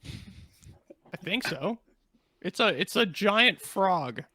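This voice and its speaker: A woman's voice: medium pitch, drawn-out words, slightly rough. A woman playing a tabletop game, talking playfully and chatting about her character. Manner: playful, giggly, lively. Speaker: player. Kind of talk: tabletop role-play chat.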